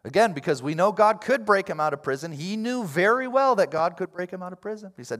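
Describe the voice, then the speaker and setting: Animated man preaching a sermon. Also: sits high, brisk, few pauses. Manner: casual and animated, swings from quiet to loud. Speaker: pastor.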